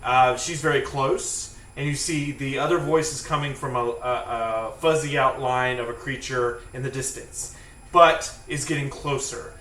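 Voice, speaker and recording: A man narrating a tabletop fantasy game as game master, in a casual, halting way. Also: mid-range voice, steady tone, fairly bright tone, a little hiss or hum. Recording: echoey room, distant mic, faint music.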